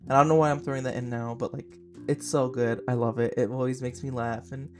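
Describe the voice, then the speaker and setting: A young man in his 20s hosts a laid-back film review podcast, gushing chattily about a favorite movie and using "like" constantly as filler. His middle-pitched voice has little pitch movement and a quick pace. Soft guitar music plays faintly in the background.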